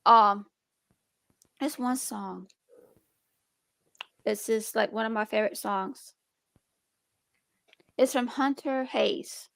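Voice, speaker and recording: A woman's voice: fairly high pitch, slow pace, gravelly, pauses often, fairly bright tone, dry recording. A young woman streamer chatting casually and rambling, with restarts and a speech impediment. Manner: rambling, restarts, talks about being nervous and defensive. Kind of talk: casual chat.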